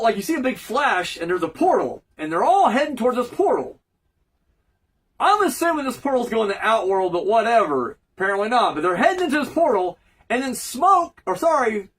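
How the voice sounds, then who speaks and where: A man's voice: extremely high pitch, slightly rough, low-quality recording. A man giving a rambling, profane, joking casual recap of a cartoon episode as a reviewer.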